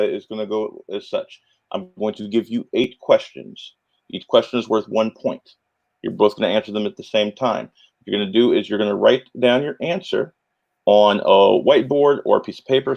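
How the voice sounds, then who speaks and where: Gravelly upbeat male trivia host. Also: on the low side, darkish tone, highs cut off. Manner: chatty, upbeat, announcer-style hype with many fillers. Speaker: trivia game show host. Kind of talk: casual livestream hosting.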